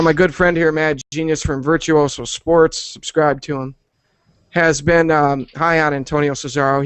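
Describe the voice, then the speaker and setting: Chatty host with a dry sound. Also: male voice, fairly high pitch, no room sound. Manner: relaxed, chatty. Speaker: host of a wrestling review show. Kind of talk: casual show hosting.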